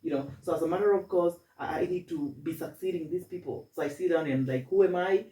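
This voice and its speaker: A man's voice: on the high side, quick pace, dark tone, distant mic. Self-assured young man with stammering restarts. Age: 20s. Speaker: student guest. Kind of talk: casual interview. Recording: echoey room, voice from off-mic.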